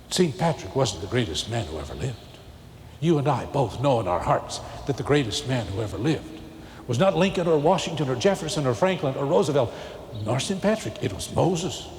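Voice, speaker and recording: A man voicing a sly, quick-witted schoolboy answering his teacher, eager and confiding. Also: medium pitch, very animated, a little mellow, slight background noise, natural voice. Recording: echoey hall, faint ambience.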